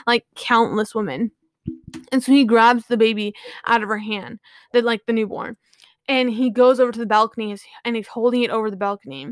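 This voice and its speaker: A woman's voice: on the high side, fairly even intonation, fairly quick, no room sound, studio quality. A woman casually retelling a myth to her viewers, rambling with lots of "like" and "you know".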